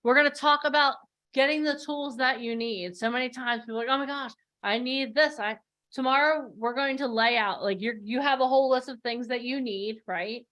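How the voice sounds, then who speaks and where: A woman with a high voice speaks to a live audience in a chatty, upbeat way, scattering fillers as she lays out the next day's plans. She sounds casual and eager. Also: a little fast, a bit bright.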